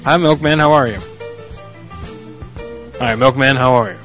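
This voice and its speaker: A man's voice: medium pitch, normal speed, fairly bright tone, faint music behind, rough recording. A man hosting a podcast in casual chat, crude and joking, swearing freely. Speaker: podcast host.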